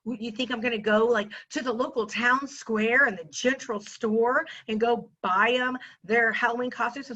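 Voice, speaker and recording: A woman's voice: fairly high pitch, bright, forceful tone. Sassy woman ranting to camera. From Texas. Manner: sassy, exasperated, talks straight to viewers. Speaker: teacher and mother. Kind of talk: casual storytime rant to camera. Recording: slightly dull lo-fi recording.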